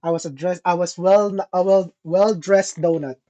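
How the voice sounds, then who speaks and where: Young man, podcast co-host, animated storyteller, swears often, laughs a lot, casual chat. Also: high voice, moderate pace, dull audio.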